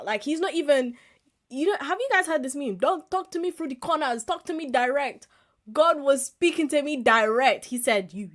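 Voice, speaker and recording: A woman in her twenties hosting a casual solo podcast, telling stories with animated, acted-out reactions and frequent laughs. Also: fairly high pitch. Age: 20s. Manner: animated storytelling, acts out reactions, laughs often. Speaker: podcast host.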